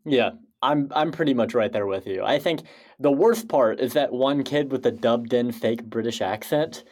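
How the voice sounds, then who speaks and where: A man chats about movies as a podcast co-host, joking along and riffing. His voice sits at an ordinary middle pitch, relaxed and conversational. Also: normal speed. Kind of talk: casual film discussion.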